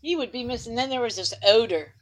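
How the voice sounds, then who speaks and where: A woman's voice: on the high side, fast talker, poor audio. A woman telling a funny personal anecdote in a casual podcast chat, often laughing as she talks.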